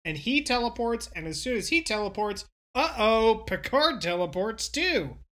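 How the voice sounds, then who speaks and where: A woman's voice: fairly high pitch, very animated, moderate pace, fairly bright tone. A woman in casual podcast chat, brashly recapping a TV episode with profane acted-out reactions.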